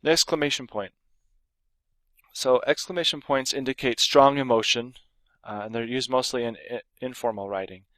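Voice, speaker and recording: A man's voice: mid-range voice, normal speed, fairly bright tone, dry recording. A man teaching a grammar lesson, explaining punctuation and reading example sentences aloud, with occasional fillers and restarts. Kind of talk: recorded lesson.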